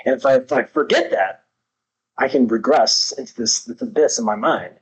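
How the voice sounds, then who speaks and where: Male podcast guest, mid pitch, fervent and profane motivational talk. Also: big pitch swings, normal speed, slightly rough, poor audio. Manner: intense, emphatic, heavy swearing.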